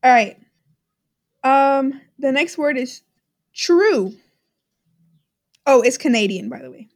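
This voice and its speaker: Young woman from Texas, high voice, giggly, joking, casual podcast chat. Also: animated. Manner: giggly, joking, quick to laugh. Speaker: podcast co-host.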